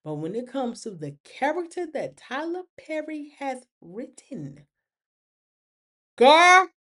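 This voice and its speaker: Speaking slowly in a high voice, this woman hosts a podcast that casually recaps TV. Her delivery is lively, and she performs the characters' lines herself.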